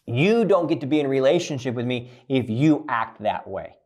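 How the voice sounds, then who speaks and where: A man giving a blunt, profane coaching monologue about relationships, swinging from loud emphasis to low, quiet lines. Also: expressive, normal speed, hardly any pauses.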